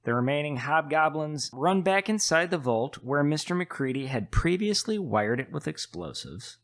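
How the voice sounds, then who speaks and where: A man co-hosting a podcast, casually recapping a film's plot in a rambling, deadpan way with hesitations. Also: a little high, normal speed. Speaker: podcast co-host.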